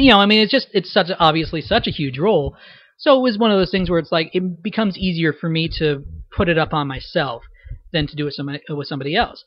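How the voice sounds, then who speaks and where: Reflecting on his roles in an audio commentary, a male voice actor with a fairly high pitch explains things thoughtfully and looks back on himself. The recording sounds dry and muffled.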